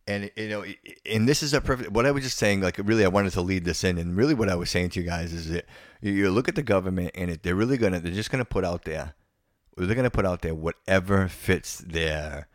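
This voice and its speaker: A low-pitched man hosts a podcast and launches into an indignant, opinionated rant, often stammering, repeating words and restarting phrases. The recording is studio quality, with no room sound.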